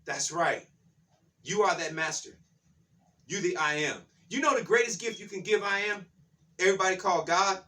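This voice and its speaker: A man's voice: sits high, expressive, normal speed, long pauses, pushed and bright, far from the mic. A man giving a spiritual talk in a fired-up, preacher-like way, repeating his phrases. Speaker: spiritual speaker.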